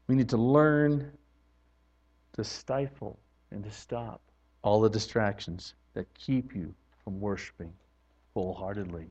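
A man preaching a sermon earnestly, building from quiet moments to loud emphatic passages. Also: fairly low pitch, measured pace. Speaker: pastor.

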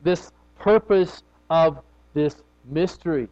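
A man preaching a sermon in a slightly high voice, talking in a loose, conversational way. His volume and pitch swing as he goes. The recording sounds dull and lo-fi. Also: takes it slowly, darkish tone.

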